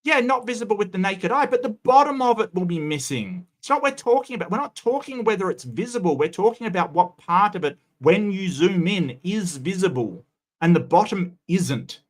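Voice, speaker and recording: Male commentary host, lively up-and-down delivery, incredulous reactions. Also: fairly quick. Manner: incredulous, rising in pitch when objecting. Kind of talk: casual live commentary.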